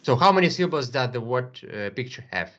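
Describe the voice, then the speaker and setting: A man teaching English one to one, patient, repeating words slowly with many fillers. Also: mid-range voice, expressive, a bit bright, highs cut off. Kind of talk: online English lesson.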